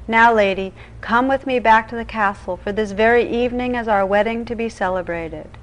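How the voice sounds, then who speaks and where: A woman's voice: fairly high pitch, a little fast, natural voice, rough recording. A woman voicing a loyal, courteous young knight from an old tale, in an earnest storybook reading.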